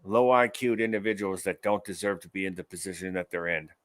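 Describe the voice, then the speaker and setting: A man's voice: low voice, brisk, dry recording. A man hosting an online commentary show, ranting angrily about news clips with profanity and sarcasm. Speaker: show host.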